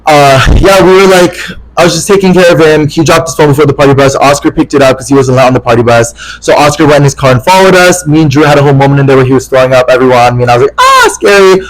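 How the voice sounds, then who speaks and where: A man's voice: mid-range voice, rapid-fire, slight background noise, poor audio. A young man co-hosting a podcast, telling a story in casual chat and acting out the quotes with lots of swearing. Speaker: podcast co-host.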